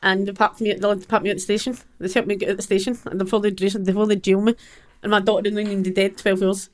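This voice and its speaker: A middle-aged woman with a broad Glaswegian Scottish accent talks fast and bluntly as an interview guest. She acts out the back-and-forth of what was said, full of feeling. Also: medium pitch. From Scotland. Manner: blunt and animated, acts out quoted exchanges. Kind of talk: conversational personal account.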